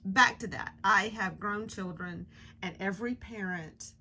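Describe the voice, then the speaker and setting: A middle-aged woman, chatting in a casual home vlog, gushing and getting emotional in excited bursts, recorded on a handheld phone indoors. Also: medium pitch, unhurried, slight background noise. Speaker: craft vlogger. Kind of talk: casual chat.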